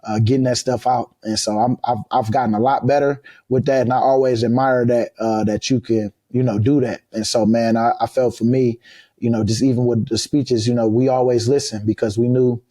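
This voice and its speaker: A man in his thirties chatting casually as a podcast guest, loose and drawling, breaking into high loud laughs. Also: steady tone, a little fast, no echo, clean studio sound. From United States. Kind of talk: casual chat.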